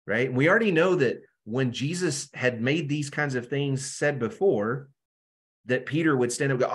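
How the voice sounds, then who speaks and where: A man's voice: mid-range voice, lively intonation, normal speed, husky. A man teaching a Bible study over a video call. He talks casually and keeps checking in with "right?".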